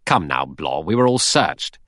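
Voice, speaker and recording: A man's voice: extremely low pitch, big pitch swings, no room sound, clean studio sound, heavily acted. A man doing a sardonic adventurer. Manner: brisk, sardonic, sharp retorts.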